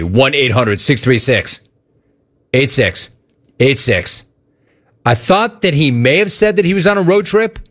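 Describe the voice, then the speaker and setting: Male radio call-in host, casual and jokey, middle pitch. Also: fairly bright tone. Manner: joking, riffing. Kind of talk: casual talk radio hosting.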